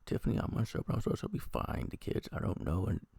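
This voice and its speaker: Male reviewer, Midwest, unwell; deep husky rasp, lively swings in pitch, sarcastic rambling delivery. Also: quick pace, dry recording, studio quality. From American Midwest. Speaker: TV episode reviewer. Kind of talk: casual spoken review.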